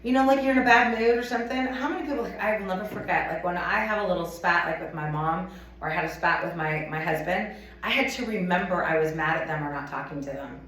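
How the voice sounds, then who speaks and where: Woman, motivational sales talk, chatty and animated, very echoey room, heard from a distance. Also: fairly low pitch, fast. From United States. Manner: chatty and animated, acts out little scenes. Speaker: motivational speaker at a sales event. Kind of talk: lively live training talk. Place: conference room with a live audience.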